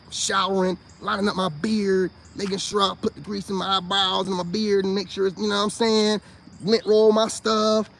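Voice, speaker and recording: Man, high voice, swearing, mocking, ranting to camera. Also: a little hiss or hum. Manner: loud, swearing, mocking, swings between high outbursts and low mutters. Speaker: online commentator. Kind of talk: profane ranting monologue. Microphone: self-recorded video.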